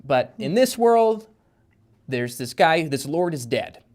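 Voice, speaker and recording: A man's voice: on the high side, sing-song, takes it slowly, a little mellow. A man in casual podcast chat, a guest author explaining at length with lots of fillers and restarts. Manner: rambling, filler-heavy explaining.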